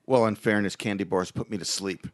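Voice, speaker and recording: A man's voice: lowish voice, fairly even intonation, fairly quick, dry recording. A man co-hosting a podcast about couples in business, talking in playful, teasing banter. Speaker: podcast co-host. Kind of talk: casual chat. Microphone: podcast microphone.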